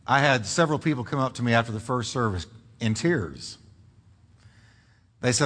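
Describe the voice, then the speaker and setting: A middle-aged man preaching as a pastor, with sweeping swings in pitch and emphatic build-ups. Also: animated, fairly quick, faint music behind. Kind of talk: sermon. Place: church sanctuary.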